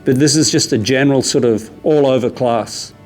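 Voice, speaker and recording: Australian man, yoga teacher, steady spoken cues, mid-pitched voice, faint music behind. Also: moderate pace. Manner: calm, steady step-by-step cues, casual asides. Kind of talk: guided yoga class instruction. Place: yoga studio.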